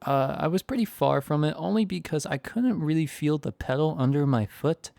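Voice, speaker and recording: Laid-back young man with gravelly voice. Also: on the high side, lively intonation, moderate pace, a little mellow, no echo, clean studio sound. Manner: laid-back, rambling, self-deprecating. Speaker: storytime YouTuber. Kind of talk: casual storytime narration.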